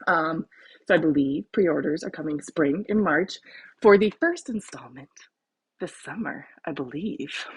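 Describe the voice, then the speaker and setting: A woman with a Southern American accent chats casually as host of a live stream, laughing at herself as she goes. Her voice is husky and a little low. The sound is dry and close. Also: animated, a little slow, no room sound. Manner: chatty, laughing, self-deprecating. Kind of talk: casual livestream chat.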